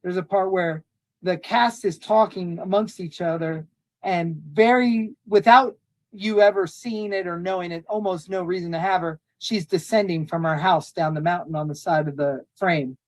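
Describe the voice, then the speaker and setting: A woman filmmaker talking casually in an interview, animated and acting out quotes from her shoot. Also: moderate pace. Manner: animated, acts out quotes in high voices. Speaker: filmmaker guest.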